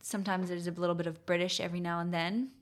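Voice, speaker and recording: A woman's voice: on the low side, little pitch movement, fast talker. A woman guest with a mixed American and South African accent, chatting casually and laughing heartily. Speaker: guest athlete. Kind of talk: casual interview chat.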